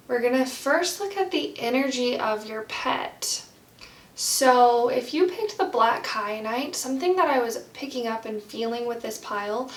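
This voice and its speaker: Young woman doing a tarot card reading, kinda high voice, says "like" a lot, soft and heartfelt, roomy echo, a bit far from the mic. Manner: rambling, heavy use of "like"; gentle and heartfelt. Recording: roomy, slightly distant from mic.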